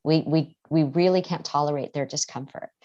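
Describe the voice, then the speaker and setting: A woman's voice: low-pitched, steady tone, normal speed, mellow, muffled recording. A woman guest therapist giving earnest podcast interview answers, often acting out how parents and children talk.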